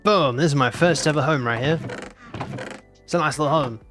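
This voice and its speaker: Young male streamer, 19, a bit high-voiced, teasing and mock-indignant, casual stream banter with faint music underneath. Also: normal speed, a bit bright. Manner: playful, teasing, repeats phrases mock-indignantly. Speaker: VTuber streamer. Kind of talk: casual live-stream chat.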